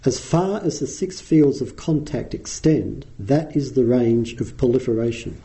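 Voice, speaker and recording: A middle-aged Australian man giving a dharma talk as a meditation teacher, explaining in an unhurried way with frequent ums. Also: medium pitch, animated, dark tone, low-quality recording.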